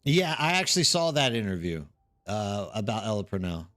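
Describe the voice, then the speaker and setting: A man's voice: lowish voice, very animated, moderate pace, sharp tone. A man chatting casually on a live stream while gaming, rambling and reacting to chat. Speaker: streamer hosting a watch party.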